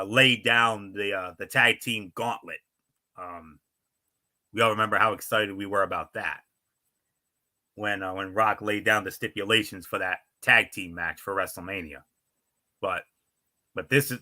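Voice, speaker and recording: A man's voice: fairly low pitch, pushed and bright. A male podcast host reading out a wrestling recap and reacting with emphatic enthusiasm.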